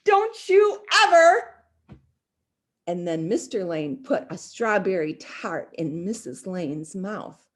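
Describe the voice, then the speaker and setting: A woman reading a children's book aloud, expressive and animated as she speaks to young listeners. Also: on the low side, measured pace, hardly any pauses. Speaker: storybook reader.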